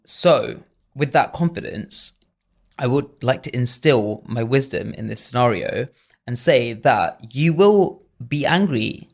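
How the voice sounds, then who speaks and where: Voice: medium pitch, expressive, slow. A non-binary pop singer talking earnestly as a podcast guest, full of "like" fillers and confident declarations. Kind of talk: casual interview chat.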